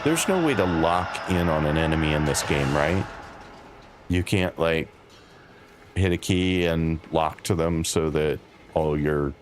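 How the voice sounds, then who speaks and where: Deep-voiced, wry game streamer. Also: male voice, expressive, measured pace, noisy background. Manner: dry, wry, chatty with chat. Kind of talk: casual live-stream commentary.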